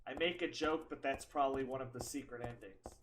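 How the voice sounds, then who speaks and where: A woman's voice: very deep voice, fairly quick, a little hiss or hum. A woman streamer giving casual, joking let's play commentary, chatty and laughing often.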